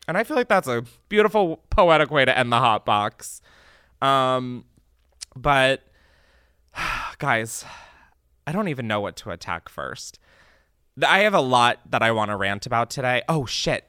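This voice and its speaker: Man, young podcast host, campy and profane, animated delivery, smooth clear voice, dry close sound. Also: mid-range voice, no room sound. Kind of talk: casual podcast chat.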